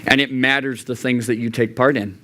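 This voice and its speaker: In a church youth room, a young adult man preaches a heartfelt youth sermon at a brisk clip as youth pastor. Whenever he quotes God or himself, his voice often turns high and animated.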